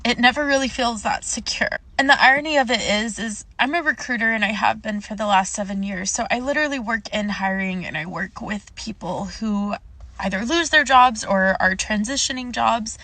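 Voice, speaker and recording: A woman's voice: on the high side, bright, forceful tone, dry recording. A young adult woman, a recruiter, talking candidly and emotionally to camera in a personal vlog.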